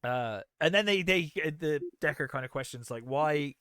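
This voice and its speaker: A man's voice: fairly high pitch, lively intonation, fairly quick, pushed and bright, smooth, no echo, clean studio sound. A man co-hosting a casual movie review podcast, retelling scenes with lots of "um" and quoted lines. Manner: retells scenes with acted-out quotes, many fillers. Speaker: podcast co-host.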